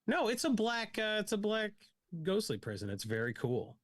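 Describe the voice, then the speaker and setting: Lively, teasing male podcast co-host. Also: high voice, normal speed, no room sound, studio quality. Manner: joking, teasing, animated. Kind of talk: casual chat about card game deckbuilding.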